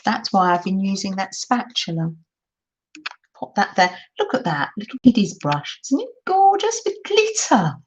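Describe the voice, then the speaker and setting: A woman's voice: mid-range voice, big pitch swings, moderate pace. An older woman hosting a craft livestream, chatting affectionately with viewers and reading out comments in a gushing, exclamatory way. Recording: dull, lo-fi stream audio with faint noise.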